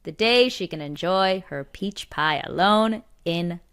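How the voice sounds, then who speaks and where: A woman co-hosting a podcast in casual chat, animated and quick to laugh, acting out the lines she quotes. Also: fairly low pitch, clear, resonant tone. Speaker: podcast co-host.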